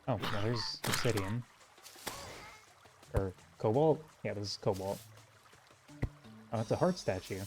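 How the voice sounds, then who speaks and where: A man's voice: on the low side, expressive, unhurried, long pauses. A man streaming a video game live, chatting loosely to himself and his viewers with jokey, rambling asides. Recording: music playing under the voice.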